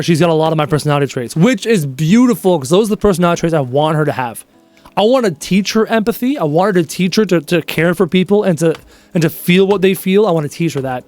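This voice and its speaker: Male streamer, 30s, high-ish voice, animated and chatty with viewers, faint music bed. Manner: chatty, animated storytelling, answers chat questions. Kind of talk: casual live-stream chat.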